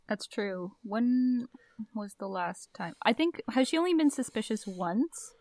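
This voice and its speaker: A woman's voice: fairly high pitch, lively intonation, a little slow, a little mellow, dry recording. A woman co-hosting a podcast, chatting casually and musing aloud with fillers. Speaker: podcast co-host. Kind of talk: casual chat.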